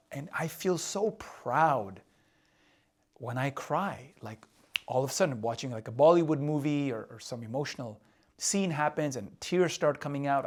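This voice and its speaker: A man coaching husbands in a candid, confessional way, often asking "right?" and repeating himself. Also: mid-range voice. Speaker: relationship coach. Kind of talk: casual advice talk. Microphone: drawing on a board while talking.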